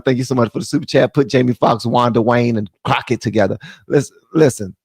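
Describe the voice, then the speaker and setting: An American man hosting a live stream, giving animated, jokey commentary and laughing often. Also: mid-range voice, quick pace, no room sound.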